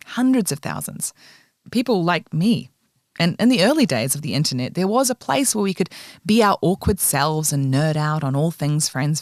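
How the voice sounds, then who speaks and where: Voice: medium pitch, no echo, studio quality. Wry documentary podcast narrator. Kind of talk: scripted narration.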